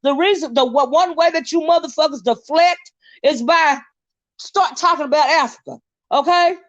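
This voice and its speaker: A woman's voice: sits high, moderate pace, highs cut off. An American woman hosting her own channel, delivering an angry, profane, confrontational rant with repeated insults. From United States. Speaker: channel host. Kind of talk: angry ranting monologue.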